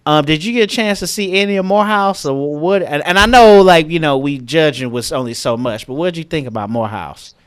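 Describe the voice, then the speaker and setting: Man, young adult, podcast co-host, smooth clear voice, easygoing casual talk. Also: on the high side, a little fast, few pauses. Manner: easygoing, conversational, often adding "you know what I'm saying".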